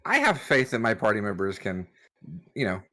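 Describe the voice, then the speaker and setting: A man's voice: fairly low pitch, very animated, moderate pace, pushed and bright. A man playing in a casual tabletop game, who speaks hesitantly with many fillers and jokes around. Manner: hesitant, joking, full of fillers. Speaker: player. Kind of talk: casual tabletop role-play.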